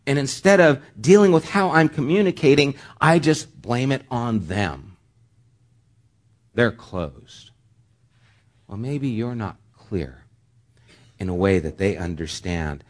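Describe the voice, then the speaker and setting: A man's voice: medium pitch, animated, takes it slowly, long pauses. A man preaching a sermon as pastor, talking in a conversational way with joking asides.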